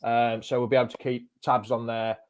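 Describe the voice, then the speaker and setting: A man's voice: mid-range voice, flat delivery, a little fast. A man hosting a casual live fan chat show, with matey banter. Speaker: host.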